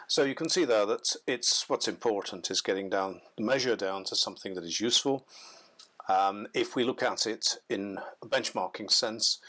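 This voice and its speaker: A man from the United Kingdom giving a measured, explanatory business lecture over slides, with frequent ums and self-corrections. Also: lowish voice, sharp tone.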